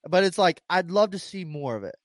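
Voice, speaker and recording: A man co-hosting a podcast in casual chat, telling stories in a rambling, profane, animated way. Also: high-pitched, a little fast, no echo. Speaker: podcast co-host.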